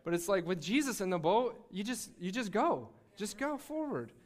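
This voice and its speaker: A man giving a sermon-style faith testimony, telling his story in an animated way with laughter and frequent restarts. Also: high-pitched, normal speed. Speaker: speaker sharing a faith testimony.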